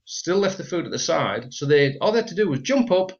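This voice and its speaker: A man's voice: a little high, sing-song, a little fast. A man co-hosting a casual business chat, rambling and repeating words, laughing often. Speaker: podcast co-host. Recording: slightly dull lo-fi sound.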